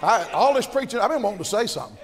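An older man preaching a fiery sermon, folksy and impassioned, swinging from shouts to low asides. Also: sing-song, very fast, a crowd in the background. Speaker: pastor. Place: large church auditorium at a conference. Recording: long reverb of a big hall.

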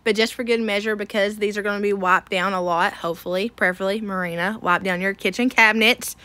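A woman's voice: mid-range voice, steady tone, fast, sharp tone, dry recording. A woman, from Tennessee, chatting casually to her viewers as a home makeover vlogger, self-deprecating and laughing often. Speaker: home makeover vlog host. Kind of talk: casual chat to camera.

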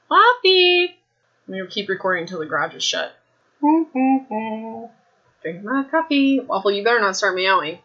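A woman with a hoarse, raspy throat rambles through a casual podcast from her home. She is chatty and self-mocking and keeps saying "like". Her voice is bright and pointed, and the home recording sounds a little dull. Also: medium pitch. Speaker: podcast host. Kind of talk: casual chat, rambling book summary.

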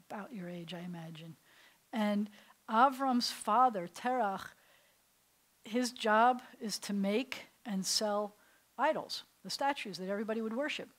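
A woman rabbi teaching a class, telling the story in an animated, conversational way. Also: mid-range voice, measured pace. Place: synagogue classroom.

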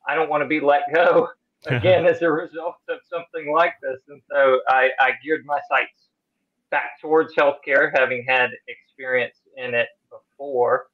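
A man answers interview questions in a friendly, relaxed way and tells his story with light laughs. His audio comes over a remote link and sounds a little dull. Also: fairly high pitch, moderate pace. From Louisville, Kentucky. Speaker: guest, hospital supervisor.

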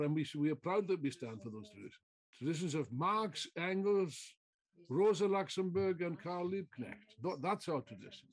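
A man giving a political speech to a meeting, emphatic, repeating phrases and throwing out rhetorical questions. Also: fairly high pitch. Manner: mocking mimicry of opponents. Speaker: political speaker.

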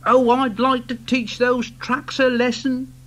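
A man doing a cheeky little tank engine. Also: a little slow. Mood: wishful. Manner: excitable, high-pitched scolding. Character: eager cheeky small male tank engine.

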